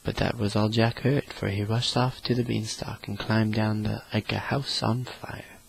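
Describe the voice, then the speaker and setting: A man reading a fairy tale aloud in a slow, flat, monotone way meant to lull listeners to sleep. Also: lowish voice, gravelly, slight background noise, poor audio. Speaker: storyteller. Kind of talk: monotone bedtime story reading.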